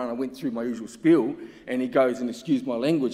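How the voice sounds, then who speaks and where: A man speaks at a symposium with blunt, emphatic conviction. His voice sits at an ordinary middle pitch. It rings out with a long reverb trail through a large hall. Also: fairly even intonation, fast, few pauses, dark tone. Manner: impassioned and emphatic, with pointed rhetorical questions. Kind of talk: conference talk.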